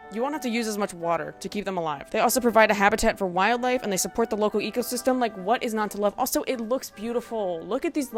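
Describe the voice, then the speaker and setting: Young woman, American, vlog rant, exasperated, swears a lot, mid-pitched, faint background music. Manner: passionate and exasperated, swearing, laughing at herself. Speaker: video essay creator. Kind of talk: ranting educational vlog.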